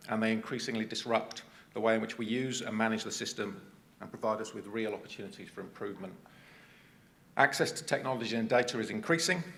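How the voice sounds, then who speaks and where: A man's voice: fairly low pitch, gravelly, a bit bright. An English man presenting at a conference, chatty with self-deprecating asides. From England. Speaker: conference speaker.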